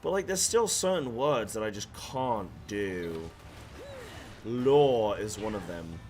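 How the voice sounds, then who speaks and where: A man's voice: on the low side, expressive, slow pace, darkish tone, soft background music. A man with a mixed English and American accent, streaming a game and chatting casually with his viewers in a rambling way full of restarts. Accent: mixed English and American, shifting. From half English, half American. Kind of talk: casual chat to a live chat while gaming.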